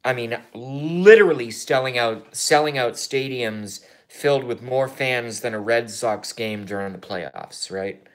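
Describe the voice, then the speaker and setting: A man in his thirties rambling through a political vlog monologue, excitable and profane, swinging from mumbled asides to loud outbursts and repeating himself. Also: medium pitch, measured pace, few pauses. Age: 30s. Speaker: YouTuber.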